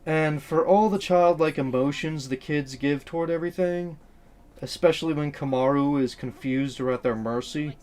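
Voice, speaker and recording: A man's voice: on the high side, darkish tone. A man hosting a video essay, talking about a game in an earnest, conversational and blunt way.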